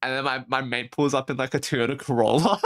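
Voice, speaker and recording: A man's voice: medium pitch, brisk. A young man streaming as a VTuber, telling a rambling story with lots of laughing, swearing and false starts. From Australia.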